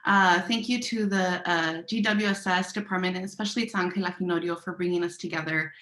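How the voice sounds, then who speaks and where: A woman's voice: on the low side, steady tone, brisk, fairly bright tone. An emotional woman academic introduces herself on a video call. Her voice sits in a roomy, echoing space with plenty of reflection. She sounds moved and grateful throughout. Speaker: assistant professor. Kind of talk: webinar introduction.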